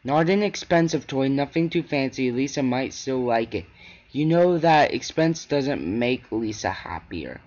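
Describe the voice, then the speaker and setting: Brief: male gamer reading on-screen horror text aloud, halting, muffled low-fi sound. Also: expressive, a little mellow. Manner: halting, with frequent restarts and stumbles. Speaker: gaming channel host.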